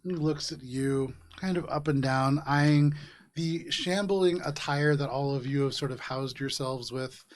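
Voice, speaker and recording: A man as game master, narrating a tabletop game in a relaxed storytelling way with filler words. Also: medium pitch, a little slow.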